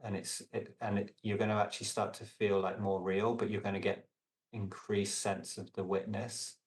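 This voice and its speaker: A man talking as a podcast guest in casual reflective conversation, meandering with many fillers and restarts and trailing off softly. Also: on the low side, flat delivery, moderate pace, echoey room, recorded from a distance. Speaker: podcast guest, relational coach.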